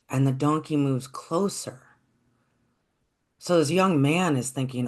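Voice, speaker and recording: A storyteller telling a folktale in a gentle, reflective, unhurried way. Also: medium pitch.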